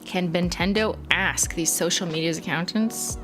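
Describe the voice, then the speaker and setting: A woman's voice: on the low side, moderate pace, over music. Chatty Canadian woman on a livestream. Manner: chatty, laid-back, filler-heavy with frequent "like" and laughs. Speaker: livestream host. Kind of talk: casual livestream chat, reading and answering chat.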